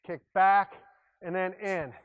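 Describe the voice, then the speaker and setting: A man's voice: sits high, steady tone, takes it slowly, smooth, narrow, tinny audio. A man coaching a workout class as its instructor, upbeat and joking, breaking off mid-sentence now and then. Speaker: fitness instructor. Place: exercise room.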